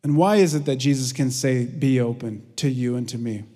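Earnest preacher in a reverberant hall. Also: male voice, brisk. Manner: earnest, lively storytelling with hushed prayerful lows. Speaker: pastor. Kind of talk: sermon. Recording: long reverb of a large hall.

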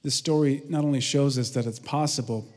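A man preaching a sermon, telling stories with energy and dropping to a hushed, prayerful tone. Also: a little fast. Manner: earnest, lively storytelling with hushed prayerful lows. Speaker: pastor. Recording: long reverb of a large hall.

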